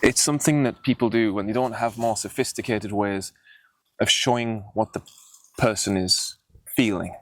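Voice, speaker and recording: A man's voice: lowish voice, steady tone, normal speed, no room sound. A young man hosting a writing video, explaining mistakes in his old story in a plain, self-critical way. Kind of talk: casual teaching monologue.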